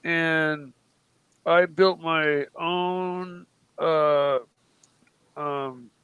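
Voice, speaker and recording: A man's voice: fairly high pitch, fairly even intonation, very slow, fairly bright tone, clear, resonant tone, no echo, lo-fi sound. Worn-out man rambling and swearing. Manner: rambling, swears freely, laughs between sentences. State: exhausted. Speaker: guest on a livestream. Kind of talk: casual chat.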